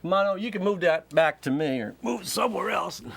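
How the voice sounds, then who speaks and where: A man's voice: sits high, expressive, fast talker, gravelly, a bit bright, a little hiss or hum. A man hosting a comedy show, delivering a rambling monologue and laughing at his own jokes. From United States. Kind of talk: comic monologue.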